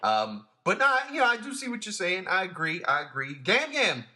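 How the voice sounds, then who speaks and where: A man's voice: high-pitched, wildly swooping pitch, a little fast, pushed and bright. A man hosting a casual film discussion, often stammering and repeating words while he searches for what to say. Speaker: podcast host.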